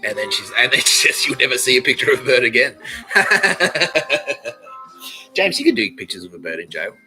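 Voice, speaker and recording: Profane, giggly Australian man with a lively voice. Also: moderate pace, soft background music, rough recording. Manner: profane, giggling, wildly swinging pitch. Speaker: podcast host. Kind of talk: rambling comedic monologue.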